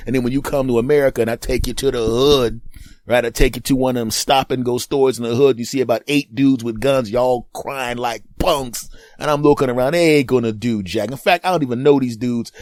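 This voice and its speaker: A man's voice: medium pitch, dry recording, clean studio sound. A man in his fifties hosting a comedic podcast monologue, brash and trash-talking, laughing at his own jokes. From Northeastern US. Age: 50s. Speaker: podcast host.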